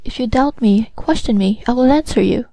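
A woman's voice: fairly high pitch, a little fast, warm tone, no echo, natural voice, low-quality recording. A woman voicing an earnest young male sailor, raising her voice into a pleading, heightened tone. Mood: anxious pleading.

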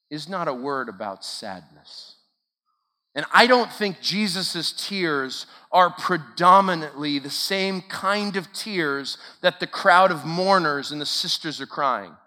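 A man preaching a sermon at a camp, dramatic, swinging from loud emphatic peaks to hushed low asides and asking the listeners rhetorical questions. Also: unhurried. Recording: long hall reverb.

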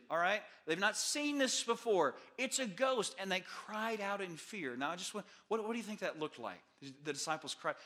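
A male pastor preaching a sermon, retelling a Bible story with animated asides and acted-out voices. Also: sits high. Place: church sanctuary.

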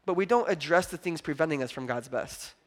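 A male pastor delivering a lively sermon with a notably high voice. He talks to the congregation like a friend, acting out little quoted voices. He swings between loud, pushing emphasis and quiet, low stretches. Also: fairly quick. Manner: conversational, acts out quoted voices.

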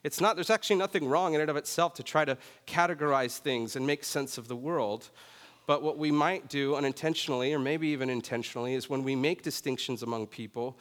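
A man preaching a sermon in a relaxed, conversational way, often checking in with "right?". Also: medium pitch, a little fast. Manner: conversational, self-deprecating, often says "right?". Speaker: pastor. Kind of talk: sermon with personal story. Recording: long reverb of a large hall.

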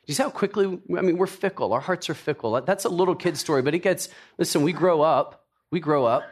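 Animated storytelling male preacher. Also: on the high side, fast talker, husky. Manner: animated storytelling, jokey asides. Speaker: pastor. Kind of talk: sermon with personal stories.

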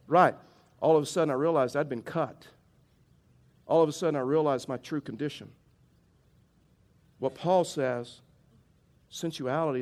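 A middle-aged male pastor preaching a sermon, mixing a humorous personal story with earnest teaching. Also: medium pitch. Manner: storytelling, animated when telling the funny part, somber when preaching.

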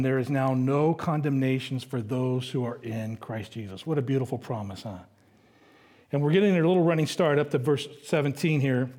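A middle-aged male pastor giving a conversational sermon, slowing down to read scripture aloud. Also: a little high, a little mellow. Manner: conversational preaching, reads scripture slowly.

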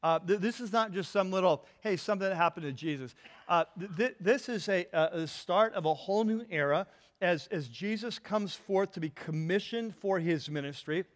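A man's voice: high voice, moderate pace. A man preaching a sermon in an earnest way, often repeating words and asking the congregation to finish his sentences. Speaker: pastor.

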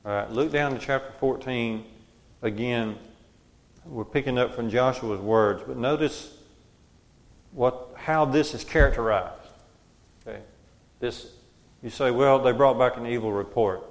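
A man's voice: mid-range voice, measured pace, long pauses. A man leading a group Bible study, who asks questions and repeats the answers back to the room.

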